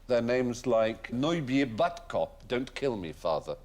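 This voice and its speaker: A man's voice: mid-range voice, very animated, measured pace, a little mellow. A man hosting a comedy panel quiz in a TV studio, explaining odd facts in a precise, learned way. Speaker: quiz show host.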